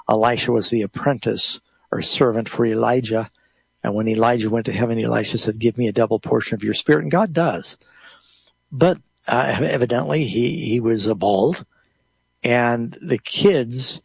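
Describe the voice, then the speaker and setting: A man's voice: mid-range voice, gravelly, slightly rough, no room sound. A man hosting a Bible call-in radio show, explaining scripture plainly to callers and reading passages aloud. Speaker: radio Bible program host.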